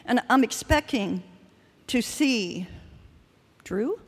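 Speaking slowly with animation and a breathy edge, an older woman with a voice on the high side shares her testimony and preaches earnestly in church. Her talk wanders at times, full of restarts and fillers, all under a long hall reverb.

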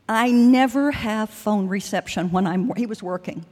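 An older woman preaches with earnest feeling, sharing testimony in a loose, rambling way full of restarts. Her voice sits at a middle pitch and rings out with a long hall reverb. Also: moderate pace, hardly any pauses, a little mellow. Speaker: speaker at a church service. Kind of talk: sermon with personal testimony.

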